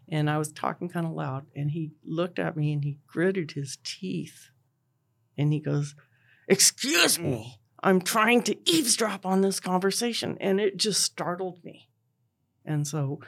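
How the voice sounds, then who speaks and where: Halting middle-aged mother retelling events. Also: sits low, darkish tone. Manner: halting storytelling full of "and he goes" and "uh". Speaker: interviewee, bereaved mother. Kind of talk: personal retelling.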